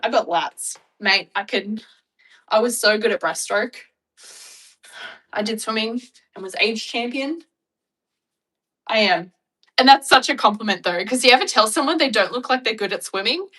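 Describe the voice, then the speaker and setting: Bright, chatty woman. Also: on the high side, normal speed, recorded from a distance, poor audio. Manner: chatty, laughing, animated storytelling. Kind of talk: casual chat.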